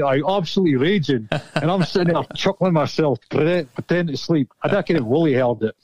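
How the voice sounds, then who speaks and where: A man's voice: on the high side, a little fast, few pauses, darkish tone, no room sound. A Scottish man, a former footballer, telling rambling, sweary stories in casual chat. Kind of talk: casual storytelling.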